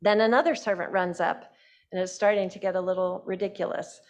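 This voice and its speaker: A woman's voice: medium pitch, steady tone, fairly quick. A woman giving a sermon as a casual, chatty retelling, with fillers and light laughs. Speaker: lay speaker. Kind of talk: sermon storytelling.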